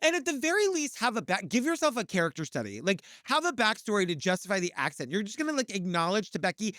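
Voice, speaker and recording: Lively, incredulous man co-host. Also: high-pitched, fast talker, no room sound, clean studio sound. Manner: incredulous, wry. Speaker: podcast co-host. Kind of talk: casual true-crime chat.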